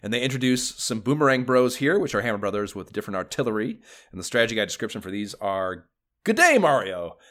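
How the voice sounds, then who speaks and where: A man's voice: fairly low pitch, fast talker, a bit bright. A man co-hosting a casual gaming podcast, rambling and enthusiastic, swearing freely. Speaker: podcast co-host.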